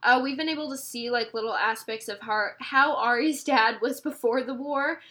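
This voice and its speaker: A young woman chats on a casual book podcast, still teary and leaning on lots of "like"s. Her voice sits very high and sounds crisp and bright. She talks the way you would to a close friend. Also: moderate pace. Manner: chatty, many "like"s. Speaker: podcast co-host.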